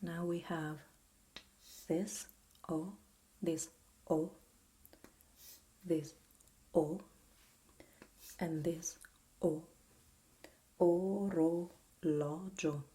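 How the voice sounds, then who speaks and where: A woman's voice: low-pitched, level tone, drawn-out words, pauses often, warm tone, breathy edge. An Italian woman with an Italian accent, whispering a patient language lesson as ASMR, drawing out words for the listener to repeat. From Italy. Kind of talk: whispered role-play.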